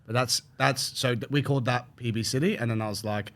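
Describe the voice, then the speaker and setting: A man from the UK, a strength coach, telling stories as a guest in a casual podcast chat, animated and peppered with "mate". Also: medium pitch, a little fast. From United Kingdom. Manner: animated storyteller, swears, says mate.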